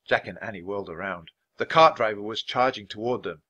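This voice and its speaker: A man reading a children's chapter book aloud at a natural pace for language learners, expressive and clear. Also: fairly low pitch, brisk. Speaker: storybook reader.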